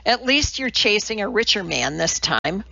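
A woman's voice: mid-range voice, very animated, normal speed, gravelly, sharp tone, no room sound, heavily acted. A woman voicing a sarcastic, needling female personnel officer who mocks a colleague. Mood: mocking. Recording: slightly dull lo-fi.

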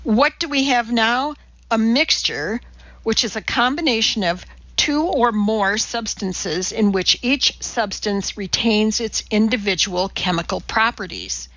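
Woman narrator, deadpan and exact, slow and bright, dry lo-fi audiobook. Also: on the high side, no echo. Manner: deadpan, precise, lecturing delivery. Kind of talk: scripted narration. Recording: dull lo-fi dry audiobook recording.

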